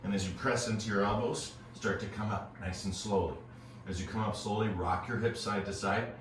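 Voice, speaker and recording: A man teaching a yoga class, calmly cueing breaths and movements with casual asides. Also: on the low side, brisk, distant mic, a little hiss or hum. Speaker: yoga instructor. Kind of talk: guided yoga class instruction. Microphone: earbuds. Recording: very echoey room, voice off-mic.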